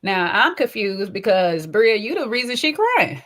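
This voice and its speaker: A woman's voice: medium pitch, very animated, measured pace, a bit bright. A woman hosting a chatty, sassy reality TV recap, with a slight twang and a habit of tagging her lines with little asides. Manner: chatty and sassy, often tags lines with "okay?" and "child". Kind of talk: casual commentary.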